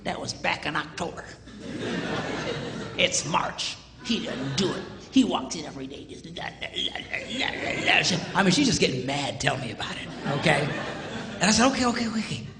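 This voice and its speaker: A man's voice: a little high, a little fast, gravelly, big-room sound, a crowd in the background. A man preaching, a pastor telling a humorous story and acting out the dialogue. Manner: animated, acts out quoted dialogue, jokey.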